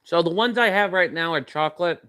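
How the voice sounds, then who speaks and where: A man's voice: fairly high pitch, fairly quick, pushed and bright, clear, resonant tone. A young man chatting casually while tasting snacks, rambling with many fillers and talking with his mouth full. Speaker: vlogger.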